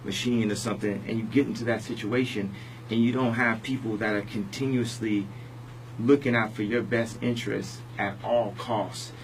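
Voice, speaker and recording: A man being interviewed on the radio, talking in a halting, rambling way full of restarts. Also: lowish voice, fairly even intonation, a little hiss or hum, rough recording. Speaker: interview guest. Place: radio studio.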